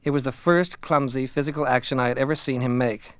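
A man reading a first-person story aloud in a measured, reflective way. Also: mid-range voice, clean tone, no echo. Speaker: audiobook narrator. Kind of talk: scripted first-person narration.

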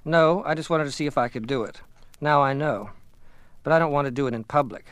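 A man reading the lines of a composed teenage boy athlete in a low-key, subdued voice. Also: brisk, smooth, dry recording, natural voice.

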